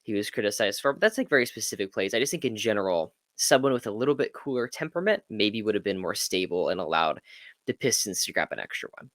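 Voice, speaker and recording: A man co-hosting a podcast, chatting casually about sports and acting out quotes in an animated way. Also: fairly low pitch, quick pace, dry recording, studio quality. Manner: animated, acts out quotes with swearing. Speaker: podcast co-host. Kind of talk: casual sports debate chat.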